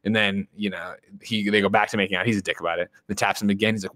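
A man in his thirties walks through a film scene by scene for his co-hosts. His voice sits low and sounds dry and close to the mic. He slips into quick character voices for the quotes. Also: steady tone, a bit bright, no room sound. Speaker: podcast host recapping a film. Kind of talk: casual recap and chat.

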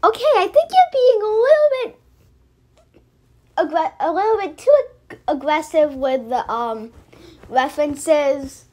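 A woman's voice: high-pitched, lively intonation, a little slow, mellow. A young woman giving casual, mocking commentary on a cartoon episode, often stopping and restarting. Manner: chatty, restarts a lot, mocking. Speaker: reaction video host.

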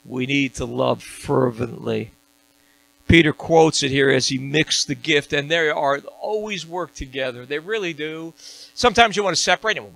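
A man's voice: medium pitch, vocal fry, a bit bright, rough recording. A man preaching a sermon as a pastor, building to emphatic peaks and throwing questions out to his congregation. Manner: preaching with rising, emphatic call-and-response questions. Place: church sanctuary.

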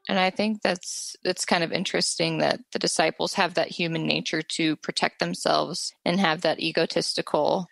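Woman panelist, lowish gravelly voice, casual, thoughtful. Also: little pitch movement, moderate pace, hardly any pauses, a bit bright, slight background noise. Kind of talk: Bible discussion podcast.

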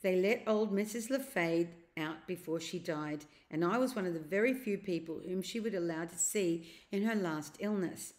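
A woman reading a storybook aloud and voicing a scheming elderly uncle who speaks in a slow, coaxing, secretive way. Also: fairly low pitch, a little mellow, lightly acted. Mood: sly.

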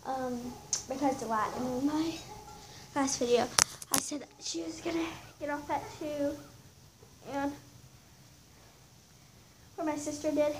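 A young woman, chatting excitedly to her phone camera outdoors in falling snow, full of "y'all" and "like". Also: high voice, unhurried, long pauses. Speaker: vlogger. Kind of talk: casual outdoor vlog. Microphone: handheld phone camera. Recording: noisy outdoor phone recording.

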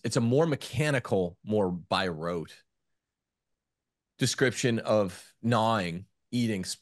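A man on a podcast, a former teacher, talking in an animated storytelling way with some stammers. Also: fairly low pitch, dry recording, studio quality. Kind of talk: casual podcast discussion.

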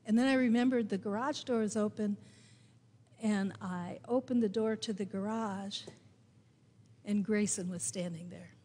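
A woman pastor preaching a sermon, telling a personal story in a slow, gentle way with emphatic rises. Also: medium pitch, a little hiss or hum. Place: church sanctuary. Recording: reverberant church sanctuary.

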